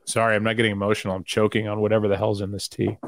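A middle-aged man, a guest sportscaster, talking candidly in a casual podcast chat and telling stories with quick asides. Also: fairly low pitch, little pitch movement, no room sound, clean studio sound.

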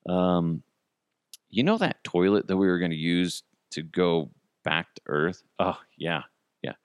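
A man's voice: sits low, a little slow, smooth, dry recording, clean studio sound. Man doing a sheepish astronaut guy. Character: sheepish male astronaut confessing he broke toilet.

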